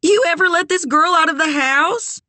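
A woman voicing a brash, bubbly young woman who talks loud, high and gushing. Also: very animated, slow pace, no echo, exaggerated voice.

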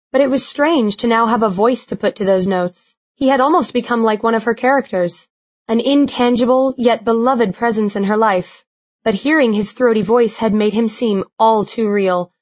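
A woman narrating a novel in a measured, expressive reading. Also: fairly high pitch, lo-fi sound. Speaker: audiobook narrator. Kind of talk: scripted narration.

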